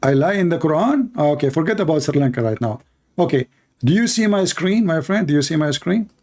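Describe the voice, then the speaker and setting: A man's voice: fairly high pitch, lively intonation, fairly quick, a little mellow. Mocking man hosting a call-in debate. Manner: mocking, taunting, insulting. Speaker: debate show host taking callers.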